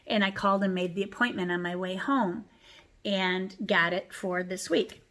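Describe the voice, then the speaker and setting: Female vlogger, middle-aged, mid-pitched, emotional storytime delivery with quoted dialogue. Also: steady tone, moderate pace, a bit bright. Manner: emotional, retelling conversations with quoted voices. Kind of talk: personal storytime chat.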